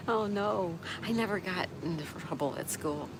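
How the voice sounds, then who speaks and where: A woman's voice: medium pitch, animated, slow pace. A woman hosting a casual livestream, reading viewer comments aloud and chatting back with a laugh. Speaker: livestream host reading chat. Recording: noticeable background noise.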